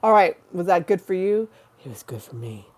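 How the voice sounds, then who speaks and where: A woman's voice: lowish voice, sing-song, normal speed. A woman chatting on an impromptu live stream, swearing freely and breaking into giggles. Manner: profane, giggly and silly; breaks into laughing fits.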